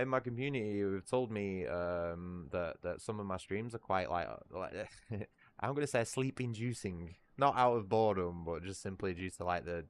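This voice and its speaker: Deep-voiced Lancashire man rambling on stream. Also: normal speed, clean tone. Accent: northern English, Lancashire. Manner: rambling, swears freely, laughs at himself. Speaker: livestreamer. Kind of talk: casual livestream chat.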